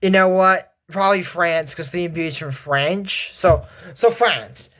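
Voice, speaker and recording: A person casually retelling a cartoon episode, rambling off on tangents and acting out the characters' lines with animated shifts. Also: mid-range voice, measured pace. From United States.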